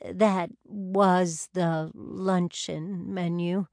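A shaken older wife with a tremble in her voice, voiced by a woman reading the story. She speaks a touch higher than the narration, slow and close to the mic. It is a dry, intimate storybook reading. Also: steady tone, darkish tone, no echo. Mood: tremulous.

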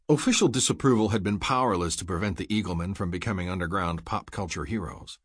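A man narrates an audiobook in a measured, wry storytelling manner. His voice is somewhat low and husky, recorded close and dry. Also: no echo. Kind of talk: scripted narration.

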